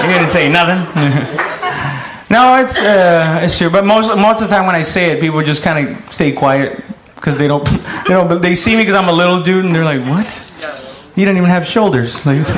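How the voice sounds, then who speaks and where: High-voiced man doing stand-up in an echoey room. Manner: profane storytelling, loud impressions of shouting. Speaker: stand-up comedian. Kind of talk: stand-up routine. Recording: echoey room with loud noise.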